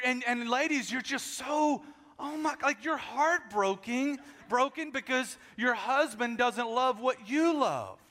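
A high, bright male voice rings out through a large church, with a long hall echo behind it. He is a pastor preaching a lively sermon, joking with his congregation and often repeating words as he gets going. His delivery is animated and playful. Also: takes it slowly. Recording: echoey hall.

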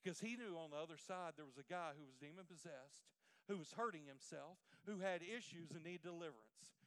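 A pastor preaching a sermon, swinging between hushed near-whispers and loud, emphatic lines. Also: male voice, a little high, fairly quick.

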